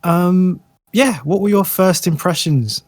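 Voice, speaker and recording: A man's voice: sits high, lively intonation, takes it slowly, darkish tone, no echo. Man hosting a fan podcast. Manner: leads the panel into the next topic. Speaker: podcast host. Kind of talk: casual chat.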